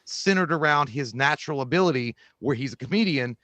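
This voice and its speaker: A man co-hosting a casual movie review chat, talking in an animated way with plenty of swearing. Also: mid-range voice, fairly quick, no echo. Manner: animated, swearing, acts out voices mid-story. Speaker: co-host.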